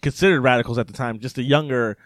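A man's voice: medium pitch, fast, no echo, studio quality. A young man co-hosting a casual political chat, joking around and slipping into silly impressions. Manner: jokey, breaks into silly impressions and sung bits. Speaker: podcast co-host.

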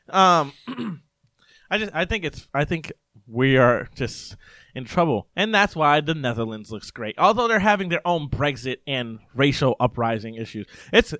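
A man's voice: medium pitch, a bit bright, no room sound, clean studio sound. A young man co-hosting a casual political chat, joking around and slipping into silly impressions. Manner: jokey, breaks into silly impressions and sung bits. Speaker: podcast co-host.

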